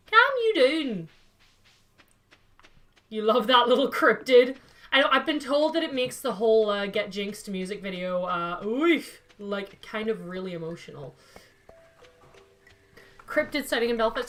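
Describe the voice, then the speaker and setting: A woman's voice: a little high, big pitch swings, measured pace, long pauses, fairly bright tone. A woman, chatting playfully as a streamer, laughing often and talking to her cat and her chat. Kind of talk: casual gaming stream chat.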